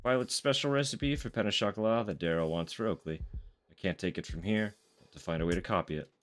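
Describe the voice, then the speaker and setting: Male streamer, casual gameplay chat, deep voice, easygoing, cursing. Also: fast. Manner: laid-back, swears and laughs easily.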